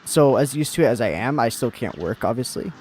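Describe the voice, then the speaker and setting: A man's voice: mid-range voice, animated, brisk, a little mellow, faint music behind. A young American man streaming a game, chatting casually and rambling with lots of fillers and restarts. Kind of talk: casual chat while gaming.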